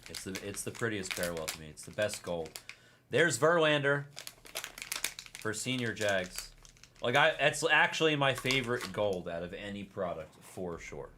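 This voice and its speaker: A man hosting a live card break, commenting in a casual, excitable way and teasing his chat. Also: fairly low pitch, normal speed, background noise.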